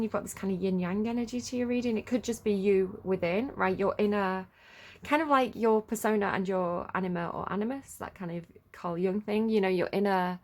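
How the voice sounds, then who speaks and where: A woman giving a casual tarot reading, rambling and chatty with lots of fillers. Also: mid-range voice. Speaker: tarot reader.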